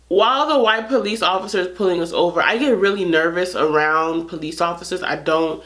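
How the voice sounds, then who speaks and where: A woman's voice: lowish voice, fairly bright tone. Earnest woman vlogger telling a story. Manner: earnest, frustrated, restarts sentences often. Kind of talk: casual storytelling to camera.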